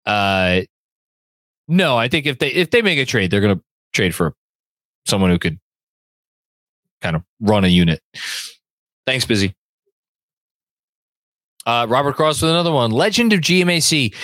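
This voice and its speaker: A man's voice: mid-range voice, big pitch swings, normal speed, long pauses, fairly bright tone, dry recording. A man hosting a sports fan podcast, reading viewer comments aloud in a rambling way and often repeating words while he thinks. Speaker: podcast host.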